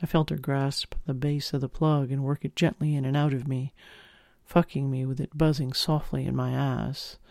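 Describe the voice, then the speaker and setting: Male audiobook narrator, first person, intimate and expressive, gravelly edge, dead-dry close mic. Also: medium pitch, normal speed, dry recording.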